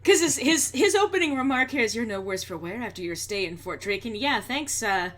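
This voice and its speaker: A woman's voice: on the high side, expressive, a little fast, a bit bright. A woman streaming a video game, giving chatty, sardonic commentary at her microphone. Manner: chatty and sardonic, laughing often. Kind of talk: casual gameplay commentary.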